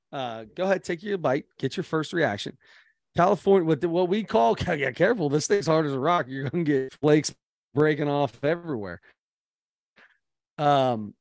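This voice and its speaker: A man co-hosting a podcast, telling stories in a casual, animated chat. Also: on the high side, dry recording. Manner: storytelling, animated, quick asides. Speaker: podcast co-host.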